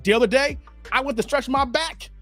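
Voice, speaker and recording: A man around forty hosting a casual livestream, slangy and animated, laughing and chatting with viewers. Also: extremely high pitch, a little fast, faint music behind. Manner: animated, slangy, laughs often, chats with the chat. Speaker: livestream host. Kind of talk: casual livestream chat reading viewer comments.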